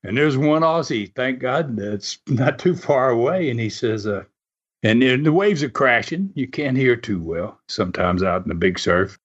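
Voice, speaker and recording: Rambling man, lively voice. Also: medium pitch, normal speed, slightly rough. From United States. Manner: animated, rambling, chuckles often, many fillers. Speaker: storyteller. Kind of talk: casual spoken anecdote. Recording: muffled lo-fi recording.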